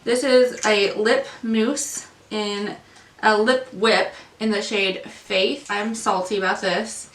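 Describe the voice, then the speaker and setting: Exasperated bright-voiced woman vlogger. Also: a little high, roomy sound, distant mic. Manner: ranting, exasperated, frequent fillers. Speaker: beauty vlogger. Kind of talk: casual unboxing review.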